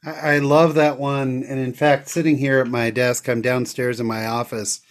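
A man's voice: medium pitch, little pitch movement, moderate pace. A middle-aged man hosting a casual podcast chat from his home office, speaking earnestly and getting emotional. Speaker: podcast host.

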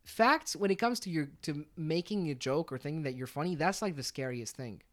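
Man, bright ringing voice, slightly high, animated, swears a lot, laughs often, podcast co-host. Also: a little fast. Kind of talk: casual chat.

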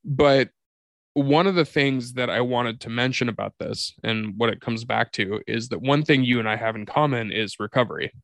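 Man, podcast co-host, swears a lot, confessional storytelling, mid-pitched, dry close mic. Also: moderate pace, creaky, fairly bright tone, no echo. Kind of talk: candid comedic podcast conversation.

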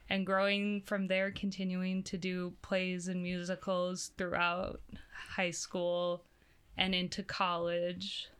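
Bright, crisp-voiced young woman. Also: mid-range voice. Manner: relaxed, laughs easily. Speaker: community theater actor, guest. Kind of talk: casual interview chat.

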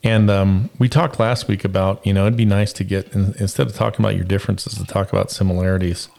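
Lower-voiced, reflective male podcast host. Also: steady tone, quick pace, gravelly, darkish tone. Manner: reflective, philosophizing. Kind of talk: casual chat.

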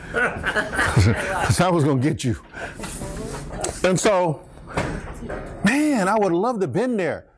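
A man's voice: sits high, big pitch swings, slow, long pauses, noisy background. A middle-aged man leading a Bible study in church, joking and teasing his listeners and laughing often. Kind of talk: playful Bible study teaching.

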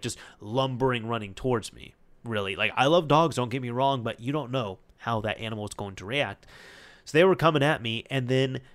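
A man talking casually to his viewers in a rambling monologue, full of fillers and restarts. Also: mid-range voice. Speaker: vlogger.

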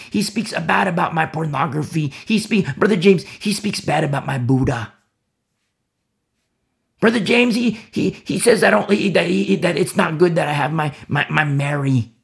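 A petulant backsliding churchgoer , as a preacher puts him on, whining high and stammering through his grievances. The voice has a gravelly, creaky edge, loud and pushed up well above the speaker's usual pitch. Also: normal speed, full character voice. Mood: whiny. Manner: stammering, self-pitying complaints. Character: whiny backsliding churchgoer, petulant adult man.

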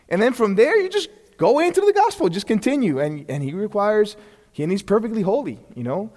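A man's voice: sits high, very animated, a little fast, darkish tone. A man teaching a Bible lesson in a conversational way. He keeps checking in with the class, often restarts his sentences, and acts out bits of dialogue. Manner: frequent restarts and check-ins. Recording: long hall reverb.

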